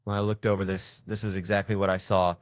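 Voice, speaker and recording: A man telling stories in a stand-up set, animated and breaking into loud shouted impressions. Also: sits low, fast, no echo, clean studio sound. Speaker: comedian. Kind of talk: stand-up storytelling. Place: stage before a live audience.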